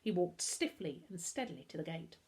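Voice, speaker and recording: A woman teacher with an English accent reading a children's book aloud in an expressive, animated storytelling style. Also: on the low side, brisk. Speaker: primary school teacher.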